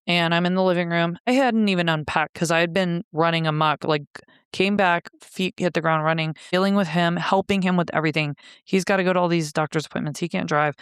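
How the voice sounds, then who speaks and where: A woman's voice: fairly low pitch, clear, resonant tone, no room sound, clean studio sound. A woman telling her own story as a podcast guest, in a blunt, profane way and with wry laughter. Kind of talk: candid storytelling.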